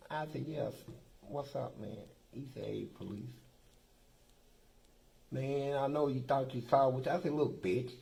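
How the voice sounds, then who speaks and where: A man's voice: medium pitch, measured pace, gravelly, long pauses, a little mellow, low-quality recording. A man from Kentucky telling profane, streetwise stories in casual talk as an interview guest, acting out the dialogue. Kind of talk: casual storytelling.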